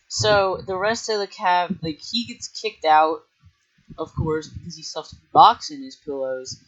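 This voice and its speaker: A man's voice: fairly high pitch, steady tone, measured pace, fairly bright tone. Young man, casual storytelling vlogger, rambling delivery, muffled home-mic sound. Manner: rambling, heavy use of filler words and restarts. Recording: dull lo-fi mic.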